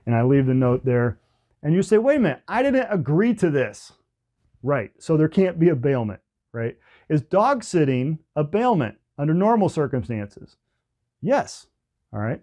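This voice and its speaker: A man's voice: fairly high pitch, mellow. A man lecturing on business law in a casual, joking way, tagging points with "okay?" and "right?". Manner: chatty, joking asides, frequent "okay?" and "right?" tags.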